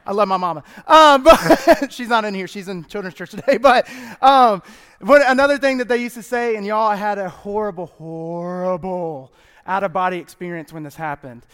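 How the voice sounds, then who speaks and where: A youth pastor gives a light, funny sermon in a church sanctuary whose hall echoes around him. His high-pitched voice is smooth and a bit bright, moving at a moderate pace, and he keeps things chatty and playful with frequent laughter.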